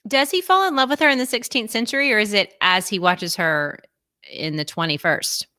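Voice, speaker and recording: A woman's voice: mid-range voice, a little fast, sharp tone, dry recording, clean studio sound. A woman hosting a casual live-streamed chat, bubbly and chatty and laughing often, on a video call. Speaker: host.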